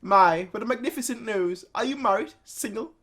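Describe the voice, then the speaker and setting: A man doing a high, pleading young woman. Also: normal speed, fairly bright tone, slightly rough. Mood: coy. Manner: pleading, coy.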